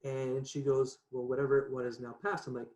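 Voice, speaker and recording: A man talking as a podcast guest, telling a personal story in a casual, animated way, laughing often and checking in with "right?". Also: mid-range voice, brisk, a little hiss or hum. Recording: echoey room.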